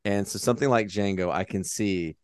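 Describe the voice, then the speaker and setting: A man with a fairly low voice co-hosts a movie podcast in a loose, casual chat. He swears freely and gets animated talking about films. The recording is close and dry, with almost no room sound. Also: a little fast, clean tone, no room sound. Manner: profane, animated movie talk. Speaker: podcast co-host.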